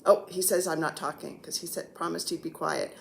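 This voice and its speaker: A woman's voice: on the low side, fairly even intonation, a little fast, creaky, a little hiss or hum. A woman in her sixties chatting casually as a cross-stitch vlogger, rambling and joking while seated on the floor at home. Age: 60s. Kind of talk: casual chat.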